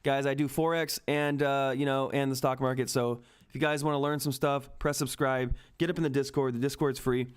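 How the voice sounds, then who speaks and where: A man hosting a stock trading livestream, giving excited market commentary and constantly addressing viewers as guys. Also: mid-range voice, a little fast, hardly any pauses, smooth. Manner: excitable, keeps addressing viewers as guys and asking "all right?".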